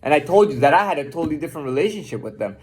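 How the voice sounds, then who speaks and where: A man with a husky, breathy edge and a fairly high voice talks straight at the listener in a loose, unscripted rant. He is profane and defiant, and he stumbles over his words, repeating and restarting them as he pushes his point. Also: very animated, rapid-fire.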